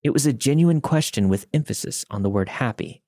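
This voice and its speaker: A man's voice: mid-range voice, animated, fairly quick, vocal fry, warm tone, dry recording, clean studio sound. A man narrating a first-person story in a wry, conversational way.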